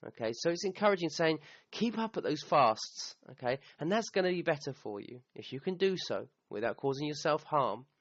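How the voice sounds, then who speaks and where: A man's voice: a little high, expressive, a little fast, hardly any pauses, no echo. A man gives a recorded grammar lesson, walking through each point and checking in with "okay?" as he goes. The sound is a bit dull and dry, with no room around it. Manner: explanatory, checks in with "okay?", quotes Arabic verses. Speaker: Quran teacher.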